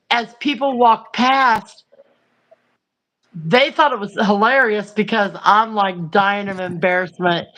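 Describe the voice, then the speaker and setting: Her voice a little high and fairly bright, a livestream host chats her way through a funny story, leaning on plenty of fillers in this casual storytelling.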